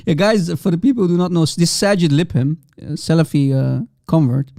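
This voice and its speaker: A man hosting a livestream, reacting to clips with laughing, excitable, mocking asides to viewers. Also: a little high, fairly quick, gravelly, no echo, studio quality. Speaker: livestream host. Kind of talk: live reaction commentary.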